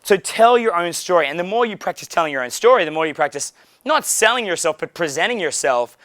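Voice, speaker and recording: Man in his thirties, dating coach, profane and animated, fairly high voice, dry sound. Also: fast talker, no echo. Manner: profane, animated, acts out dialogues. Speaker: pickup coach. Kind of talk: casual coaching talk.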